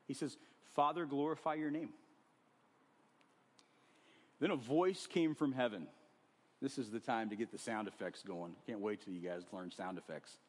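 A man preaching a sermon to a congregation, animated and conversational, acting out scenes with sudden swings in loudness. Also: on the low side, normal speed. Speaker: pastor. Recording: long hall reverb.

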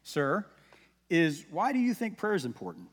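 A man's voice: fairly high pitch, huge pitch swings, normal speed. A male pastor giving a sermon in a conversational, folksy way, with casual asides to the congregation. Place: church sanctuary. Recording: long reverb of a church hall.

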